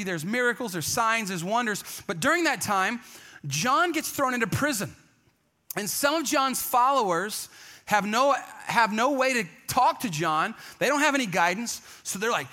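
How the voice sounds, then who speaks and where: A man preaching a sermon in a conversational, energetic storytelling way, often acting out the people he quotes. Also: high-pitched. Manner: conversational, acts out quoted voices. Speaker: pastor.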